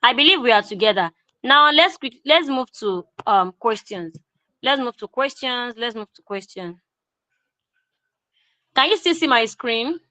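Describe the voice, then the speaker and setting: A woman with a Nigerian English accent teaching an online grammar lesson, repeating key phrases slowly for emphasis. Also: on the high side, animated, bright, forceful tone, no echo, rough recording.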